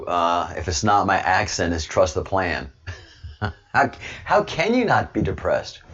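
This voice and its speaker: Deep-voiced Southern American man rambling. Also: slightly rough, lo-fi sound. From Southern United States. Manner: rambling, frequent restarts, calls listeners brother. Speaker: online commentary host. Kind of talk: casual monologue.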